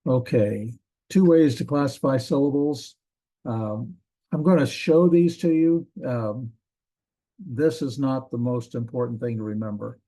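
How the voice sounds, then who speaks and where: A man gives a classroom lecture in a dark, mellow voice. He talks in a loose, rambling way, stopping often to say um and correct himself. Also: medium pitch, a little slow. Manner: relaxed, rambling, frequent ums and self-corrections. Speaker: Hebrew teacher.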